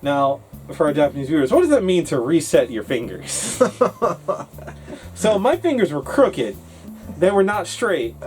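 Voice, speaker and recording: Animated man telling a story. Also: a little high, measured pace, faint music behind. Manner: animated, acts out his younger self with laughs. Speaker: co-host of an English-learning talk show. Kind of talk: casual storytelling chat.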